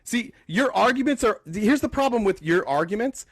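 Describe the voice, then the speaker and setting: Guy arguing hard, kinda mocking, higher voice, dry close sound. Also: lively intonation, normal speed, fairly bright tone, husky, dry recording. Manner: argumentative, mocking, casual slang. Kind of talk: heated street debate.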